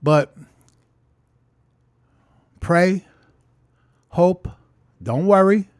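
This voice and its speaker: A man's voice: high-pitched, very slow, clear, resonant tone, no room sound, studio quality. A man vlogging unscripted about his sobriety, talking bluntly and profanely in an emphatic rant. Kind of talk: unscripted ranting monologue.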